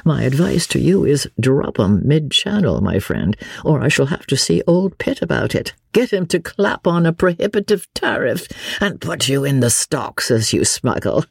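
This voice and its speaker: A woman voicing a lazy, foppish English nobleman who drawls good-humoured oaths in an audiobook. Her voice is gravelly and husky. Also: low-pitched, sing-song, normal speed, a little mellow, dry recording, clean studio sound, pitched above the performer's own voice, heavily acted. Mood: jovial. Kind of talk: audiobook character reading.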